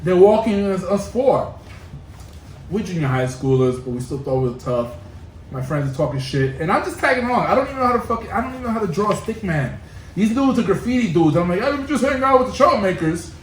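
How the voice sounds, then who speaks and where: A man's voice: sits high, quick pace, slight background noise. A man from Brooklyn telling a profane story in casual podcast chat, acting out the other characters' lines. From Brooklyn, New York. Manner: animated, profane, acts out voices while telling stories. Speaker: podcast co-host. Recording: echoey room, mic at a distance.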